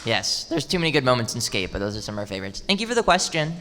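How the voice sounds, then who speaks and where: A man speaking as a voice actor guest at a convention panel, telling stories in a lively, expressive way. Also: mid-range voice, rapid-fire, background noise. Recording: reverberant hall.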